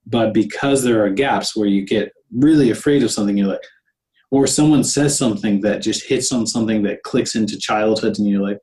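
A man's voice: on the low side, brisk, darkish tone, rough recording. A man co-hosting a podcast, talking reflectively in casual conversation and often answering with "right". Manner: reflective, with frequent "right" backchannels and laughter. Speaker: podcast co-host.

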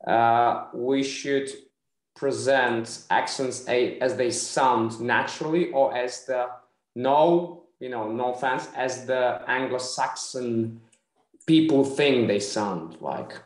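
A Polish man speaking English with a Polish accent, pausing often to search for his words. His voice sits in a middle pitch, and the room around him sounds echoey over the video call. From Poland. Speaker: actor asking a question.

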